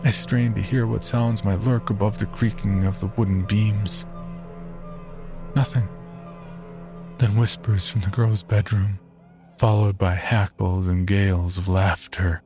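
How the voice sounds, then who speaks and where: A man narrating a horror story in a slow, grim first-person telling. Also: fairly low pitch, little pitch movement, over music.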